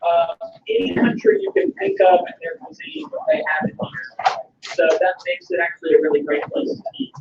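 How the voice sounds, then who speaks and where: A man's voice: extremely high pitch, wildly swooping pitch, moderate pace. Chatty Southern man on a roomy video call. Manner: chatty and enthusiastic, with frequent ums and restarts. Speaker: historian answering students' questions. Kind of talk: casual Q&A over a video call. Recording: echoey, distant, muffled video call audio with light noise.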